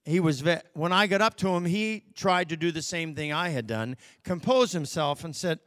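A man preacher telling a personal story as a sermon testimony, in a folksy manner that swings from hushed to loud. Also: fairly high pitch, normal speed, hardly any pauses, no echo, clean studio sound. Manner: folksy, with fillers and self-corrections.

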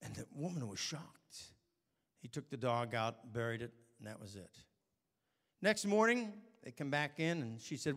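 Bright-voiced man preaching in a reverberant hall. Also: mid-range voice, animated, normal speed. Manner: storytelling, swings from quiet asides to shouted warnings. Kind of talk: sermon.

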